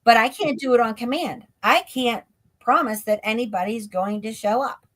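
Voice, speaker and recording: A woman's voice: fairly high pitch, normal speed, fairly bright tone. A woman guest on a live stream, chatting casually and telling stories, leaning on the filler "like" and laughing often. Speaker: guest, ghost tour guide. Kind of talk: casual storytelling in an interview. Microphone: remote live stream call.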